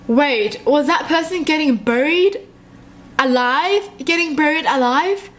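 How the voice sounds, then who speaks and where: A young woman reading short horror stories aloud and reacting in a jumpy, excitable way, often laughing. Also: high-pitched, measured pace, a little hiss or hum.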